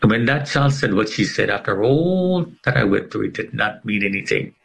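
As an interview guest, a middle-aged man shares an emotional personal testimony, telling it dramatically with large pitch swings. His voice is animated, creaky and husky at a moderate pace, and the recording is rough.

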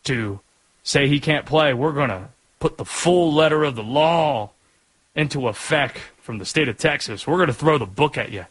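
A man's voice: mid-range voice, lively intonation, normal speed, husky, no echo, poor audio. A man voicing a blustering Southern male state official with a threatening drawl.

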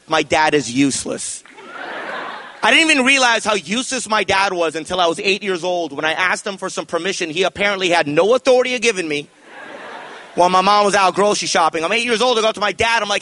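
High, bright-voiced male comedian. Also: fast talker. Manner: animated storytelling, acting out family members. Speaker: stand-up comedian. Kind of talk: stand-up comedy set.

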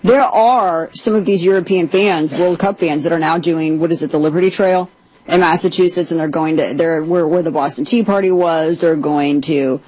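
A woman's voice: deep voice, fairly even intonation, normal speed, darkish tone, husky, no echo, low-quality recording. A woman podcast host giving a casual commentary monologue, chatty and full of sarcastic asides.

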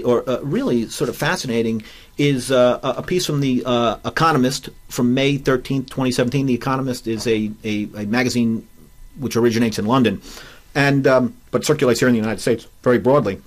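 A man from New Jersey with a New Jersey accent, co-hosting a history podcast as a professor, explaining in halting, restarting sentences. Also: mid-range voice. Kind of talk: casual scholarly discussion.

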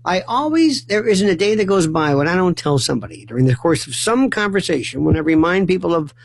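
A man hosting a late-night call-in radio show, delivering a rambling monologue that keeps breaking off and restarting, with sudden loud outbursts. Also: sits high, sing-song, fairly quick, vocal fry. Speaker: radio talk show host.

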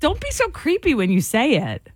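A woman co-hosting a radio show in casual chat, animated and quick to laugh, talking with her hands into a studio mic. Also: sits high, dry recording. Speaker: radio co-host. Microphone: studio mic with headphones.

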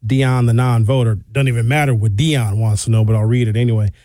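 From a studio microphone, a male radio talk show host reads listener texts out loud and answers them frankly and conversationally. His mid-range voice is mellow and steady in tone, moving a little fast, with no echo.

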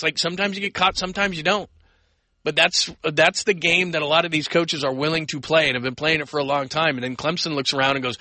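Bright, high-pitched American sports radio host. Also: male voice, fast, dry recording. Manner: energetic, rambling, acts out quoted voices. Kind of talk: call-in sports talk.

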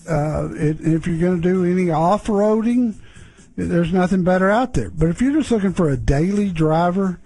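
A man's voice: high-pitched, warm tone, low-quality recording. A middle-aged man hosting a call-in radio show about cars, chatty and easygoing as he gives advice. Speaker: radio car show host.

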